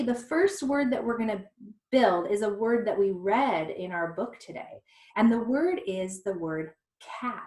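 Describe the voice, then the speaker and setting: A woman teaching a recorded phonics lesson to young children, patiently sounding out each letter one at a time. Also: on the high side. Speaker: reading intervention teacher. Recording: echoey room.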